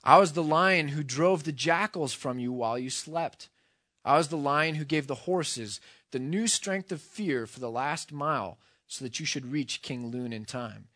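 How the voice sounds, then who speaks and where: A man voicing a vast, grave lion. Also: fairly high pitch. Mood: solemn. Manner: slow, grave and gentle. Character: vast, calm, deep-voiced male lion.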